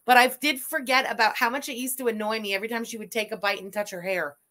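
A woman's voice: a little high, fairly even intonation, fast talker, pushed and bright. A woman host giving sarcastic, disgusted reaction commentary over a video.

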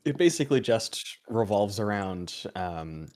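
A man's voice: lowish voice, animated, unhurried, darkish tone, no room sound, studio quality. A man co-hosting a podcast, talking casually and rambling with lots of fillers. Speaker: podcast co-host.

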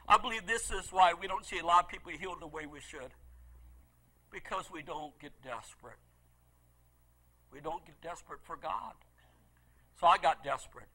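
A middle-aged male pastor delivering a sermon in a very high, sharp, bright voice. He tells his story with great passion, pleading loudly at some moments and dropping to a near hush at others. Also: moderate pace, poor audio. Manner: impassioned storytelling preacher, swings from loud pleading to hushed.

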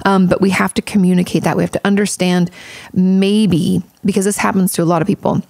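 A woman's voice: fairly low pitch, flat delivery, a little fast, gravelly, darkish tone, no room sound. A woman therapist hosting a casual advice podcast, chatty and frank, with plenty of fillers and casual swearing.

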